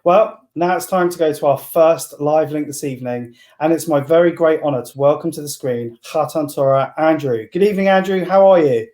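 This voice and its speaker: A man's voice: a little high, fairly quick, few pauses, darkish tone. Upbeat male compere in an echoey room. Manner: upbeat, polite, welcoming. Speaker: event compere. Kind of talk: hosting a live online event.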